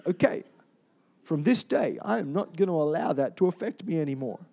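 High-voiced man preaching a sermon. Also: lively intonation, gravelly, mellow. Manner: emphatic, rhetorical questions, slows for emphasis; confessional storytelling.

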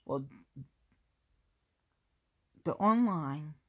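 A woman's voice: low voice, expressive, drawn-out words, fairly bright tone, breathy edge. A woman from the Cincinnati area chatting casually in a rambling, self-mocking vlog at home, firing off exasperated rhetorical questions. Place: at home, going through belongings.

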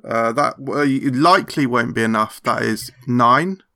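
A man playing a tabletop game, talking slowly and laughing, stumbling over his words. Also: mid-range voice, creaky, pushed and bright. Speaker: player. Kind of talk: casual tabletop game play.

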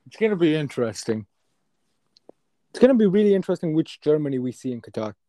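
A young man with a slightly high but mellow voice chats casually about sports as a podcast co-host. He is joking and playful. The sound is dry and close. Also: big pitch swings, quick pace, dry recording. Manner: joking, playful, laughs often.

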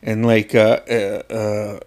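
A man in his forties from southeast Alaska, co-hosting a podcast and telling stories in casual chat, swearing freely, acting out quotes loudly and laughing often. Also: on the low side, completely flat delivery, slow. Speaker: podcast co-host.

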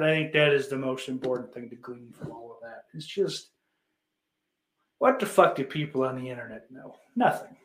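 A man's voice: mid-range voice, lively intonation, moderate pace, reverberant, slight background noise. A man streaming and reading chat comments aloud, ranting crudely with sarcasm and mocking outbursts. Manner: sarcastic, profane, bursts into mocking yells. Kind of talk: casual crude rant.

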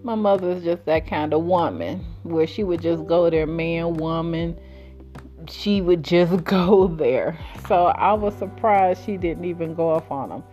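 A woman casually telling a personal story in her own series, chatty and colloquial, breaking into high giggles. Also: unhurried, mellow, faint music behind. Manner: laughs often, with high giggles while telling stories; chatty and colloquial, with many fillers.

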